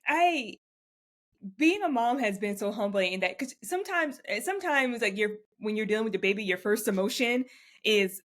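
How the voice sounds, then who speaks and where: A woman co-hosting a casual podcast chat, expressive, cursing freely and laughing. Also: mid-range voice, normal speed. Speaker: podcast co-host.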